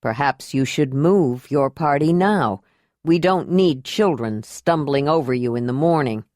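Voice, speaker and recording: Woman doing steady male leader, calm, firm, low-pitched, dry sound. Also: a little slow, no room sound. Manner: calm, reasoned and commanding.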